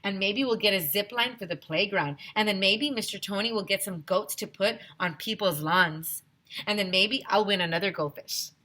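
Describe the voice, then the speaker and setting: A woman's voice: medium pitch, normal speed, bright, forceful tone, slight background noise. A woman teacher reading a children's chapter book aloud to young listeners, telling it expressively with many voices.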